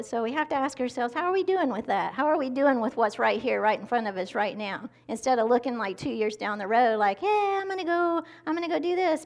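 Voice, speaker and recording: A woman's voice: a little high, gravelly. A woman preaching a conversational sermon, close to the mic, acting out quotes as she teaches. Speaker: pastor. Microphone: mic held close to the mouth.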